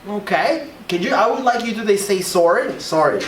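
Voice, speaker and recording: An English teacher giving a classroom lesson in an animated way, checking in with the class again and again. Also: medium pitch, normal speed. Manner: animated, keeps checking in with "right?". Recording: echoey room, voice from far off, faint hiss.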